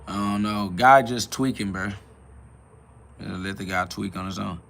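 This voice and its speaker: A man's voice: on the low side, measured pace, vocal fry, a bit bright. A man hosting a live stream, answering chat questions in a preachy, blunt way, with casual slang and quoted Bible verses. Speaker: livestream host.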